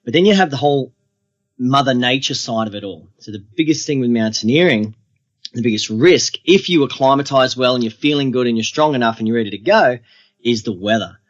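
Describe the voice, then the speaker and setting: A man, a guest on an interview podcast, telling adventure stories in a relaxed, steady way. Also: medium pitch, brisk, lo-fi sound.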